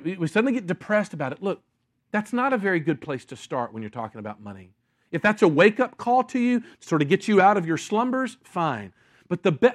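Young male pastor, animated preacher who acts out voices, slightly higher voice. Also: dry recording, studio quality. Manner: animated, acts out story voices, restarts often. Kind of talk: sermon with audience Q&A.

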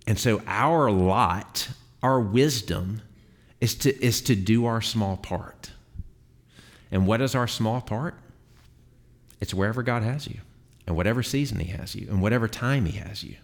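A low-voiced man leads a Bible class in a classroom. His talk is chatty and relaxed, full of filler words and quick restarts as he explains to the group. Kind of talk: conversational Bible teaching.

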